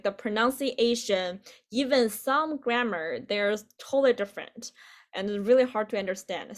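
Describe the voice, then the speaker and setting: A woman's voice: mid-range voice, fairly bright tone. A woman from Beijing, teaching a class over a video call in a chatty way, laughing often and filling her speech with "like". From Beijing, China. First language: Mandarin Chinese. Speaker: Chinese teacher. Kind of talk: online language lesson.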